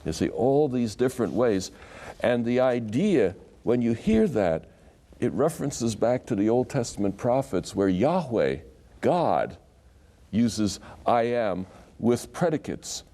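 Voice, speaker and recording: A man, a Bible scholar and guest, teaching scripture in conversation and acting out the quotes in a lively way. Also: on the low side. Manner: animated storyteller who acts out quotes.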